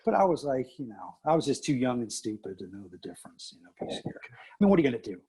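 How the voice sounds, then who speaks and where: Husky, animated man telling stories. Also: fast talker. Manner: animated, acts out quotes with big pitch jumps. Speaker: teacher and coach, guest. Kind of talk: casual storytelling interview.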